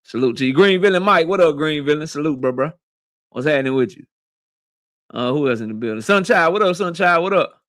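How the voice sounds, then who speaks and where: A man hosting a boxing livestream who greets viewers by name in loud, slangy, profane banter. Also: on the high side, expressive, fairly quick, no echo, clean studio sound. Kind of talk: casual livestream chat, shouting out viewers.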